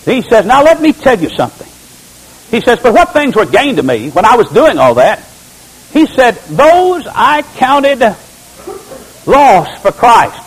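Male preacher, high animated pitch, dramatic swings from shouted peaks to hushed lows. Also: unhurried, husky, low-quality recording. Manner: sweeping from loud high cries to low hushed lines. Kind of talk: sermon.

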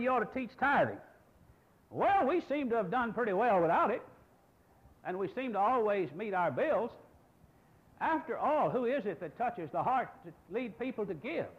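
A man's voice: sits high, dull audio. A man in his sixties, a pastor preaching a sermon, emphatic and full of rhetorical questions. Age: 60s.

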